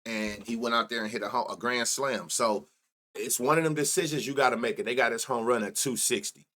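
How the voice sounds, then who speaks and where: A man's voice: mid-range voice, steady tone, fairly quick, pushed and bright. A man hosting a sports betting show, thinking aloud in casual chat as he reads off numbers and mutters to himself. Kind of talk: casual solo stats rundown.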